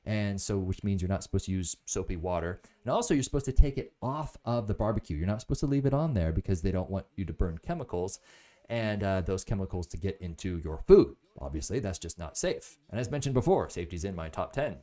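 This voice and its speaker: A man's voice: sits low, expressive, a little fast, dark tone. A man hosting a casual live product review, enthusiastic and rambling into stories.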